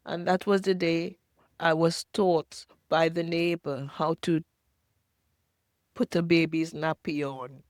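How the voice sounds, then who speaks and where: An older woman from Jamaica telling her own painful childhood story as a halting, emotional personal testimony. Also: on the low side, darkish tone, dry recording, clean studio sound. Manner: halting, emotional, pausing often.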